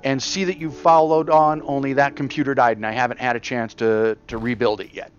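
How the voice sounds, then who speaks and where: A man's voice: medium pitch, flat delivery, brisk, lo-fi sound, soft background music. A man chatting in an easygoing way while playing a game, laughing often. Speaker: gamer co-streamer. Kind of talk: casual chat while gaming.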